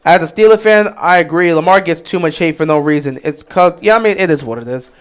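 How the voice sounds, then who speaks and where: A man hosting a livestream, giving casual play-by-play commentary and reacting loudly to big plays. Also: fast, smooth. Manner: excitable, swings from low musing to loud shouting on big plays; chatty, talks straight to players and chat. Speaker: livestream host calling the game.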